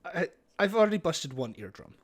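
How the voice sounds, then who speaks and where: A male game master narrates a tabletop game on stream, rambling and cursing loosely as he goes. His pitch rises and falls in a lively way. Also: brisk. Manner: casual, rambling, swears freely.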